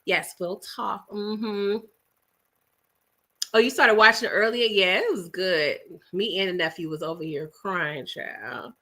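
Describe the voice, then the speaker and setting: Bright-voiced chatty woman livestreaming. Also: medium pitch, a little slow. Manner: chatty, animated, uses "child" and "y'all". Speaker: livestream host. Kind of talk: casual chat with live viewers.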